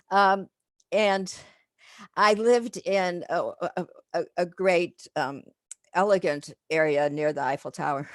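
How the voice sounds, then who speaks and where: A woman's voice: on the low side, no echo. Chatty older woman lecturing, dry sound. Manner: chatty, digressive, many fillers and laughs. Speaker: professor giving a lecture. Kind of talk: informal lecture with slides.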